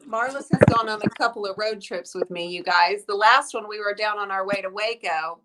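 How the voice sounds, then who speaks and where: A woman's voice: mid-range voice, a little fast, sharp tone, a little hiss or hum, low-quality recording. A woman hosting a live stream, chatting and telling a story with bubbly, effusive energy. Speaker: host of a live painting stream. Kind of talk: casual live-stream chat.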